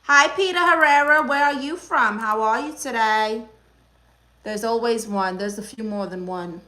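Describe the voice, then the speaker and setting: Playing a joking aunt who doubles as a therapist, this young woman from Brooklyn hosts a live stream and teases viewers in sassy replies to their comments. She speaks a little slowly, in a bright, slightly high voice with some bite to it.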